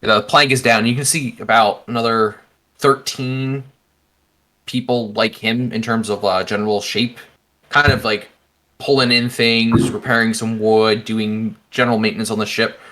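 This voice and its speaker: A man running a tabletop game on a livestream, his voice bright and forward. He narrates the scene loosely and casually, packing it with fillers as he goes. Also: fairly low pitch, fairly even intonation, normal speed. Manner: descriptive, with many fillers like "like". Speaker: game master.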